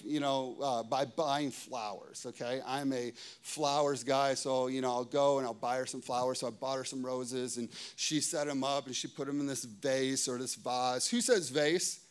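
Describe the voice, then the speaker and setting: A man's voice: moderate pace, few pauses, smooth. A middle-aged man, a pastor, preaching a casual sermon, telling family stories and checking in with the audience. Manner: casual, conversational, lots of "okay?" and "right?" checks with the audience; animated storytelling, pitch and volume swinging widely.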